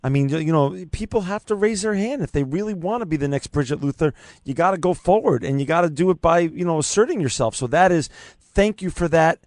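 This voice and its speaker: This is a man hosting a radio interview. He gushes with praise and often restarts his sentences. His voice sits a little high and sounds dry and close on a studio mic. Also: expressive, fairly quick, darkish tone, no room sound. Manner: effusive, full of praise, many restarts. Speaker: radio show host. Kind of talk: casual interview chat.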